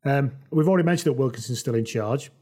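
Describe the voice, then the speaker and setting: A man hosting a casual football podcast, telling lively, jokey anecdotes. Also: medium pitch, quick pace. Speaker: podcast host.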